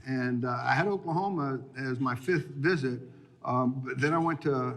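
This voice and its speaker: A man's voice: mid-range voice, moderate pace, fairly bright tone. Interview guest, man in his fifties, ex-football player; loose, rambling storyteller who stops and starts and laughs through his stories. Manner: rambling, laughing as he tells stories, many restarts.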